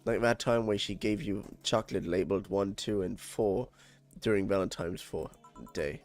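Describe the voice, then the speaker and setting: A man's voice: fairly low pitch, fairly even intonation, moderate pace, soft background music. A man with a German accent reading game dialogue aloud on a stream, tripping over words and swearing when annoyed.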